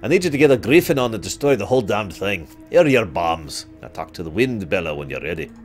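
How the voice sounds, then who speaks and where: A man reading a gruff, blunt dwarf wing commander in a put-on dwarf accent. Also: fairly low pitch, sing-song, fast talker, soft background music. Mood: briskly commanding.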